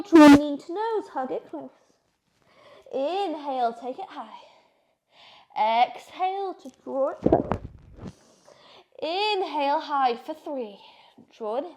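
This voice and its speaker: A little hiss or hum sits under this recording of a yoga instructor leading power yoga, her voice high and a little mellow. She calls out breaths and poses with encouraging cues, out of breath as she does the flow herself.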